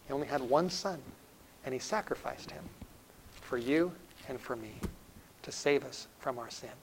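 A middle-aged male preacher giving a sermon in an earnest way, building up loudly and then dropping to a hushed, intimate tone. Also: medium pitch, normal speed, slight background noise, poor audio. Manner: earnest, swells loud then drops to a hushed tone.

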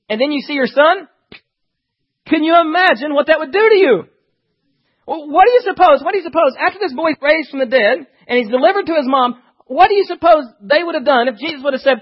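A man preaching a sermon, reading scripture and talking fast with animated asides. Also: very high-pitched, dull audio.

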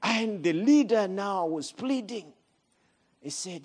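Slow-speaking man telling a sermon story. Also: high voice, lively intonation. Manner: slow, deliberate, with dramatic swings in loudness. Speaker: guest speaker.

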